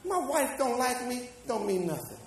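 A pastor preaching a sermon, building to shouts and calling the congregation to read along. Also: male voice, very high-pitched, very animated, normal speed, a little hiss or hum. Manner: preaching with rising shouts and call-and-response. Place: church. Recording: echoey church hall from far off.

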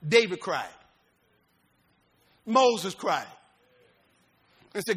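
A man pastor preaching a sermon, folksy and informal, swinging from loud rising shouts to low quiet talk. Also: normal speed, long pauses.

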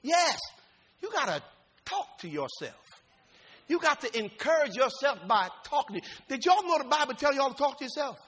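High bright preacher guy, folksy, shouts then drops way down low. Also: big pitch swings, normal speed. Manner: preaching with rising shouts and dropping to a low talk; informal and folksy. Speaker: pastor. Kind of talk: sermon.

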